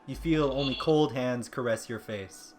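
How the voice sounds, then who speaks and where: A man narrating as game master of a tabletop game, often pausing with ums and restarting sentences. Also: medium pitch, slight background noise. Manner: hesitant, full of ums and restarts. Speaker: dungeon master.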